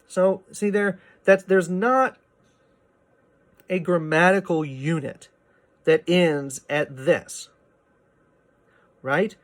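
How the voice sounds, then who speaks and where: A man's voice: on the high side, measured pace. Man explaining poetry with lots of "right?". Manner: explanatory, frequent "right?" and "uh" fillers. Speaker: literature teacher. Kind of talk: recorded poetry lecture.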